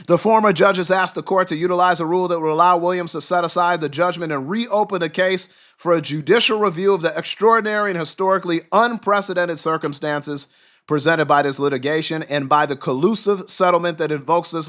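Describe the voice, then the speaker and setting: Male streamer, a touch high-pitched, shouting with passion and wearing out his voice while he reads and reacts. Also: a little fast. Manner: loud, fired-up, profane, shouts with passion. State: losing his voice. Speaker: livestream host. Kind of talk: livestream commentary and news reading.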